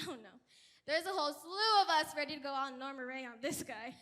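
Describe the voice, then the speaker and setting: A woman's voice: high voice, lively intonation, a little fast, fairly bright tone. A woman playing a sassy, wisecracking young princess in a live stage musical, making wry, brassy asides to the audience. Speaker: stage actor. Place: school auditorium stage. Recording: long reverb in a big hall.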